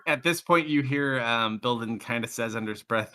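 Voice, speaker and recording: A man running a tabletop game as dungeon master, animated, slipping into comic voices for characters. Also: medium pitch, moderate pace, clear, resonant tone.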